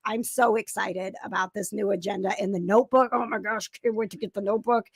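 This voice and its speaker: A woman's voice: mid-range voice, steady tone, fairly quick, husky, no room sound, clean studio sound. A woman hosting a casual chat show, bubbly and giggly, rambling with restarts and fillers. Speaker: host.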